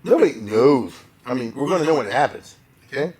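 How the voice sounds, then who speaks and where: A man who is a rabbi giving a conversational history lecture. He often checks in with "right?" and "you follow?", uses Hebrew and Yiddish terms freely, and acts out quoted speech with big jumps in pitch. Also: animated, fairly quick, a little mellow.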